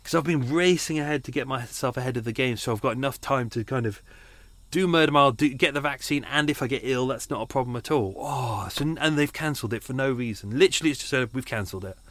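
A man's voice: mid-range voice, fast, a bit bright, dry recording. A British man hosting a podcast, rambling and grumbling in casual unedited chat from his home, shaken and a little breathless. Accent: British English. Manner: rambling, grumbling, self-interrupting. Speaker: podcast host. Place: home room.

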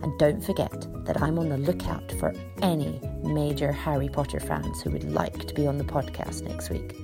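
Low, gravelly woman hosting a podcast. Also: animated, moderate pace. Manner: upbeat, chatty. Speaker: school podcast host. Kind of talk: podcast sign-off. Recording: music behind the voice. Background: music.

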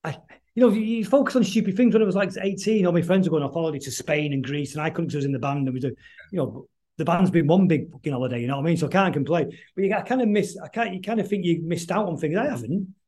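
A man's voice: a little high, a little mellow. A middle-aged man, chatting as a guest musician in a casual interview, rambling and stopping to restart often. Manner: rambling, halting, many restarts.

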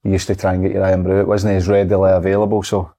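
A Scottish man co-hosting a podcast, arguing his football opinions and thinking out loud. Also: sits low, completely flat delivery, very fast. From Scotland. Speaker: podcast co-host. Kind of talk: casual football chat.

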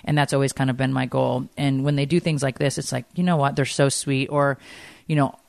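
A woman's voice: very deep voice, flat delivery, brisk, creaky, darkish tone, no room sound. A woman co-hosting a podcast in casual chat, candid and chatty, swearing freely and filling her talk with "like.". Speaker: podcast co-host.

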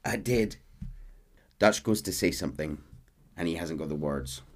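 A man hosting a podcast who retells a video game plot in a steady narration, reading out the characters' lines with drama. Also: extremely low pitch, fairly quick. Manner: steady narration with dramatic read-outs of quotes. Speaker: podcast host.

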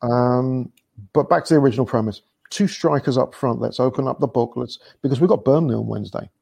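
Gravelly, husky man chatting football. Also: mid-range voice, a little fast, darkish tone, no room sound. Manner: chatty, laughs often, restarts sentences. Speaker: football podcast guest. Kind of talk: casual chat.

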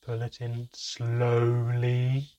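Man doing a sulky, impatient kid, pitched up above his deep reading voice. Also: animated, moderate pace, husky, dull audio. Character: sulky young boy, impatient and nervous.

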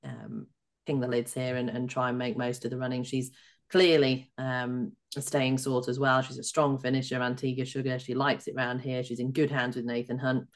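A woman co-hosting a racing betting podcast, briskly running through the runners and passing the floor to her guests. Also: rumbling low. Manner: brisk, runs through lists and hands over to guests. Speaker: podcast co-host. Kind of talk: betting preview chat.

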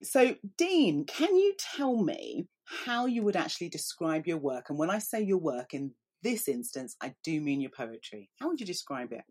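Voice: medium pitch, big pitch swings, normal speed, few pauses, darkish tone, husky. An interviewer asking earnest, appreciative questions in a conversational way.

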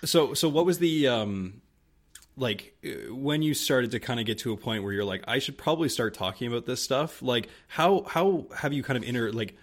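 A man's voice: medium pitch, lively intonation. A young man hosting a podcast, asking long, rambling questions full of fillers and sharing his own experience. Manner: fast, rambling, many fillers, frequent backchannels. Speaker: podcast host. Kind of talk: casual interview conversation.

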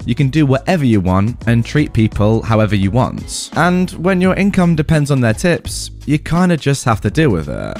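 A man's voice: mid-range voice, darkish tone. A British man hosting a storytime podcast, reading stories aloud with playful asides. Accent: British English. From United Kingdom. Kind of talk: storytime narration with commentary.

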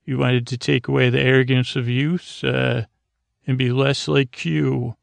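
A man's voice: mid-range voice, flat delivery, creaky, dry recording. Q, a man lazily doing a smug trickster spirit. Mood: lecturing. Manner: drowsy, halting paraphrase. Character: smug all-powerful male trickster spirit.

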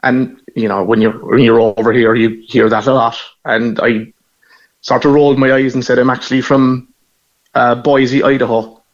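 A middle-aged man with a Cork Irish accent talks as a guest, chatty and quick to laugh while telling stories. His voice comes through a dull, lo-fi line at a middling pitch. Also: little pitch movement. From Ireland. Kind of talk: casual phone interview.

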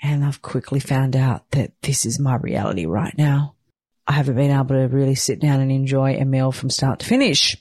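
A woman's voice: extremely low pitch, steady tone, normal speed, darkish tone, dry recording. A sleep-deprived new mother talking candidly in a casual weekly chat, swearing lightly and laughing often. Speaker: weekly vlogger, new mother of twin boys.

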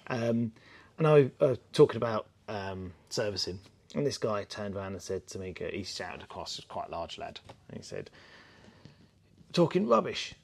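A man co-hosting a casual podcast chat, telling anecdotes in a lively way. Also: fairly low pitch, moderate pace, vocal fry. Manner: storytelling, animated with quoted voices. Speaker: podcast co-host.

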